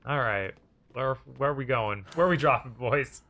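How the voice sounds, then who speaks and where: A man's voice: mid-range voice, moderate pace, pushed and bright. A man co-playing a video game on stream, chatting casually with short, laid-back replies. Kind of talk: casual gaming stream chat.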